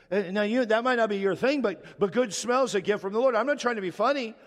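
A middle-aged male pastor with a fairly high voice preaches in a relaxed, joking way, stumbling and restarting as he goes. His voice rings out with a long reverb from a large church hall. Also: fast talker. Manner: conversational, joking, with frequent restarts. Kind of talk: sermon.

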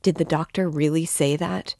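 A woman's voice: low voice, fairly even intonation, moderate pace, a little mellow, dry recording, clean studio sound. A woman reading the part of an earnest, level-headed young woman.

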